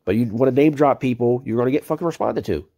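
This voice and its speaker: A man's voice: medium pitch, fast, dark tone. A man giving heated, profane commentary on chat messages he reads out, ranting and cursing as a video creator.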